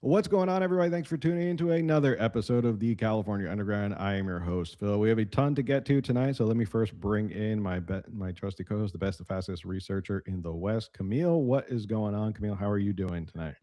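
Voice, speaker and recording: A man's voice: fairly low pitch, fast, few pauses, warm tone, no echo, studio quality. A man hosting a live political talk show, joking and sarcastic, with lots of fillers. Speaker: host. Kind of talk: casual political news chat.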